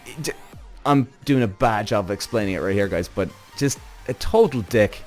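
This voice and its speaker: A man hosting a podcast, giving casual, rambling commentary on a TV series, animated and swearing often. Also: fairly low pitch, normal speed, faint music behind. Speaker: podcast host.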